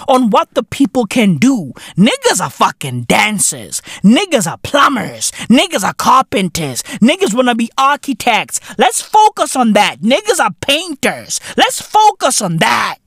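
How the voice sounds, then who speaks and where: A man with a South African accent hosting a podcast, ranting comedically, cursing constantly and swinging from shouts to low mutters. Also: dry recording, clean studio sound. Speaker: podcast host.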